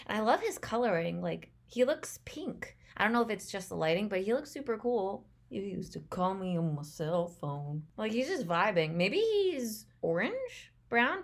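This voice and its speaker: A young woman chatting casually as she reacts to a movie trailer, rambling and laughing often. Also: a little high.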